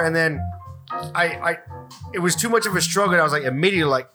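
A man hosting a podcast, telling a rude hospital story in casual, profane talk and acting out his own yelling. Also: on the high side, animated, fast talker. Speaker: podcast host. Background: music.

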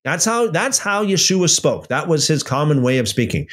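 A man giving informal Bible teaching in an emphatic, animated way, often restarting and using fillers. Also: a little high, moderate pace.

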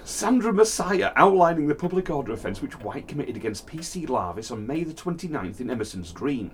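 A man's voice: on the high side, sing-song, a little fast, slight background noise. A man hosting a casual chat, reading a news story aloud and often laughing.

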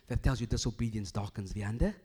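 Preaching a sermon, a man swings between loud, emphatic bursts and hushed, low lines, repeating phrases as he builds his point. He speaks fast, and the sound is slightly rough.

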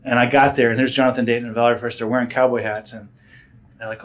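A man in a casual interview, telling stories from his career at an animated pace. He fills his talk with "um" and "like", restarts his sentences, and often jumps into other people's voices. His pitch sits in a plain middle range. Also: racing. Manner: animated storyteller, many fillers and restarts, acts out voices. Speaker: guest, director and actor.

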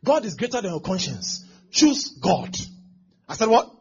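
A man's voice: high-pitched, very animated, normal speed, a little mellow. A male pastor preaching a sermon, acting out scenes with exclamations and laughter. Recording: dull lo-fi sound with faint background noise.

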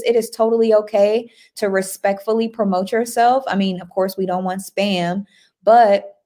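A woman's voice: medium pitch, dark tone. A woman hosting a casual livestream, chatty and upbeat, reading out viewer comments and greeting people by name. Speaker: livestream host. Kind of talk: casual live-stream chat.

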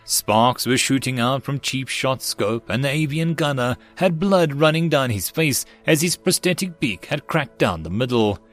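Male audiobook narrator, steady even read, mid-pitched, faint music under him. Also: normal speed, few pauses.

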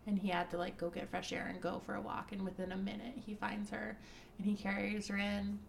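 Brief: woman co-host, mid pitch, gravelly fry, relaxed recap, faint hiss. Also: a little fast. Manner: relaxed storytelling recap, plays quoted lines. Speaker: podcast co-host reviewing a book. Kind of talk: casual chat.

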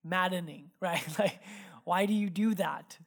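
A man preaching a sermon, telling stories from his own life in a casual, animated way full of "like" asides. He drops into hushed, earnest tones when he turns reflective. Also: high-pitched, unhurried. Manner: casual, animated, filler-heavy delivery. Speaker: pastor. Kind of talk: sermon with personal storytelling. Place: church sanctuary.

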